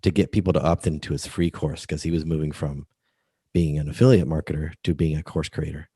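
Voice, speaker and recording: A man's voice: extremely low pitch, steady tone, a little fast, mellow, slightly rough, no room sound, clean studio sound. A man as a podcast guest, explaining earnestly how books should lead readers to one step. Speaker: guest, book coach. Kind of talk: podcast interview.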